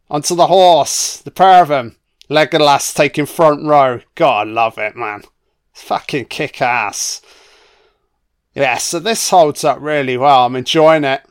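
Excitable, foul-mouthed man yelling at the screen, unhurried, smooth clear tone. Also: a little high. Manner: excitable, swears a lot, talks to the screen. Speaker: film commentator. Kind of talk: casual film commentary. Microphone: home microphone, audio only.

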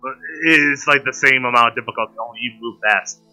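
A man's voice: medium pitch, fairly even intonation, fast, pushed and bright, faint music behind. A man chatting casually on a podcast, stumbling over his words with many fillers.

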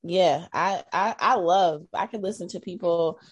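A woman's voice: lowish voice, measured pace, husky. A middle-aged woman from Iowa talking casually about her life, chatty and given to laughing, sometimes trailing off into doubt. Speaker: guest sharing her experience. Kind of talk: casual conversation.

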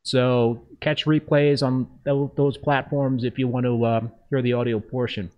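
This reef-keeping livestream host has a mid-range, slightly mellow voice with a flat delivery and measured pace, heard through lo-fi sound. Upbeat despite that, he reads a scripted intro and then talks loosely with his guest.

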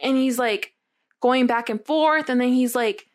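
A young woman with a slightly high voice tells a story in loose, casual chat. She is animated and swears freely. She keeps pulling the listener in with quick questions.

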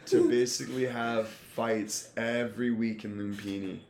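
A podcast co-host chatting casually, excitable and slangy, calling everyone bro. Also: male voice, medium pitch, unhurried. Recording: echoey room with faint noise.

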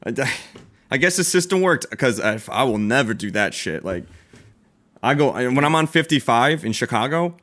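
Young adult male co-host, animated storyteller who acts out every quote, casual and profane. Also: medium pitch, normal speed. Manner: animated, acts out quoted dialogue, swears freely, laughs often. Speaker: podcast co-host.

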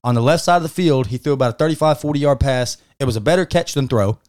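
A man's voice: medium pitch, fast, a little mellow. Fired-up, foul-mouthed man talking sports. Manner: emphatic, profane, fired-up opinions. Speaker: podcast co-host. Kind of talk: casual sports chat.

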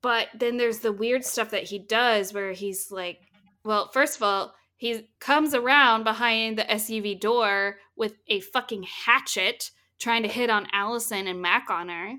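A woman casually retelling a film's plot as a podcast co-host, lively and swearing freely. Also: fairly high pitch, unhurried. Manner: animated storytelling, swears freely. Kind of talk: casual chat recapping a film.

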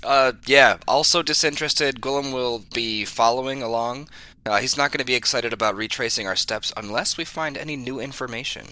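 A man's voice: mid-range voice, a little fast, pushed and bright, no echo. A man playing a tabletop game, chatting and speaking a little formally in character. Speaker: player. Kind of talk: tabletop game chat and roleplay.

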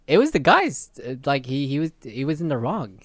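A man's voice: on the high side, huge pitch swings, fairly quick, dry recording, clean studio sound. A man reacting expressively in a casual podcast chat. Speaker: podcast co-host.

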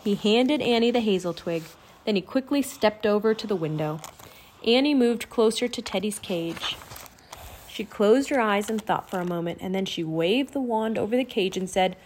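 Woman audiobook narrator, children's fiction, clear, expressive. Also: medium pitch, normal speed.

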